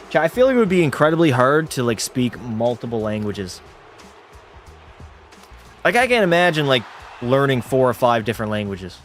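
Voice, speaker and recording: A man's voice: medium pitch, animated, normal speed, faint music behind. A man hosting a livestream watch party, giving casual commentary and joking, swearing, and bantering with his chat. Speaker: livestream host.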